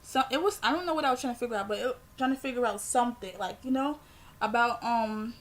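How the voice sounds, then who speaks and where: Animated young woman telling a story. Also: fairly high pitch, a little hiss or hum. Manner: rambling, animated retelling with filler words. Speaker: vlogger. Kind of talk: storytime vlog.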